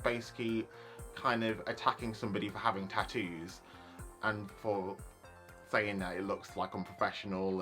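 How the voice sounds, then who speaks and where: Casting: young man, YouTuber, casual rant, bright forceful voice, faint music bed. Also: fairly low pitch. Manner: chatty, lots of likes and you knows.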